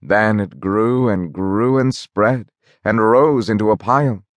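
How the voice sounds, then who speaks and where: A man narrating a novel in a measured, even storytelling manner on a close studio mic. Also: fairly low pitch, no echo. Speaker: audiobook narrator.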